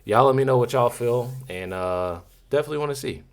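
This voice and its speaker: A man's voice: mid-range voice, expressive, a little fast. A man giving casual reaction commentary to his viewers, talking emphatically and repeating himself, often addressing them as y'all. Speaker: YouTube commentator.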